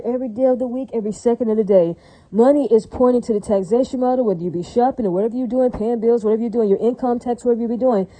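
A woman's voice: medium pitch, dark tone, no echo, low-quality recording. A woman talking in a rambling, repetitive monologue to viewers, often tacking "right?" onto her lines and laughing between phrases.

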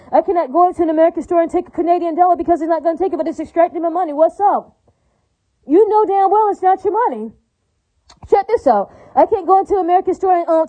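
A woman in a rambling, agitated monologue, repeating herself and tagging her points with questions. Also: extremely high pitch. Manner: repetitive, rambling, with constant tag questions; agitated, profane. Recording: tinny phone-like audio.

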